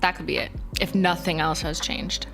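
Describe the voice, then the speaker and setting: A woman's voice: lowish voice, steady tone, normal speed, creaky, music in the background. A Canadian woman in her thirties hosting a casual livestream, chatting and answering viewers in a laid-back, filler-heavy way with a slight Canadian accent. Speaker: livestream host.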